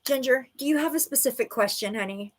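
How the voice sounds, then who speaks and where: A woman's voice: high voice, fairly quick. A woman giving intuitive readings to viewers on a livestream, bubbly and giggly, full of "like" and "okay". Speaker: livestream psychic reader.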